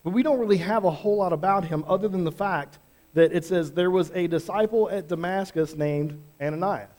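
A man preaching a sermon in a conversational, animated way, acting out quotes as he teaches. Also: high voice, a little fast. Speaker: pastor.

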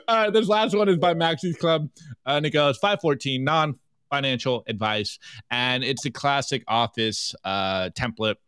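Animated joking man, smooth dry close voice. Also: medium pitch, unhurried, no room sound. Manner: animated, jokey, reads memes aloud with laughs. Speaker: co-host. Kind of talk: casual podcast chat, reviewing memes.

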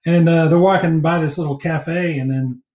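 A man's voice: fairly high pitch, fairly even intonation, a little mellow. Chatty man, echoey room. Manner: rambling, recaps scenes with fillers and quick laughs. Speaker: podcast co-host. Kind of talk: casual movie commentary chat.

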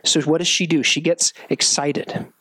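A man's voice: on the high side, moderate pace, husky, no room sound. A man preaching a sermon to young people as their youth pastor, joking and acting out the people in the story. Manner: animated, joking, acts out quotes.

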